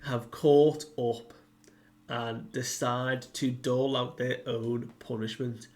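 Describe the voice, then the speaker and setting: A man's voice: medium pitch, flat delivery, takes it slowly, darkish tone. A man casually recapping a comic chapter, rambling and leaning on "like" while he paraphrases what the characters say. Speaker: manga reviewer.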